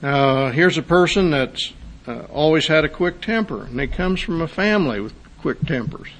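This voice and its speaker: A man's voice: a little high, animated, normal speed, a bit bright. A man preaching a sermon, reading a testimony aloud and then expounding on it with rising intensity. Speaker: pastor.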